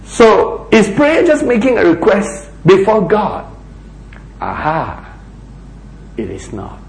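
A man preaching a sermon, asking rhetorical questions and dropping to a hushed voice for emphasis. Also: high-pitched, wildly swooping pitch, slow, creaky, reverberant, rough recording.

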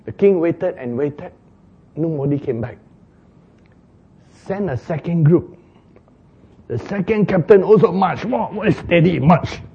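A man preaching an animated, playful sermon retelling, laughing at his own jokes. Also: a little high, measured pace, gravelly, pauses often, husky, dull audio.

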